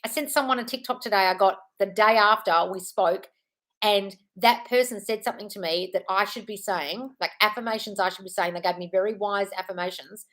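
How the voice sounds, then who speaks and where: A woman's voice: mid-range voice, a little fast, fairly bright tone. Chatty, reassuring woman coach. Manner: chatty and reassuring, calls viewers darling, swears casually. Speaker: manifestation coach hosting a live Q&A. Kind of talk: casual live-stream chat, answering viewer comments. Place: at home.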